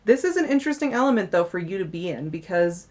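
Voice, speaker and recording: A young woman talks through a monthly tarot reading in a chatty, effusive way, full of little laughs and fillers. She sounds a bit tired. Her voice sits somewhat low. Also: big pitch swings, quick pace, a little mellow. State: yawning, tired. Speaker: tarot reader.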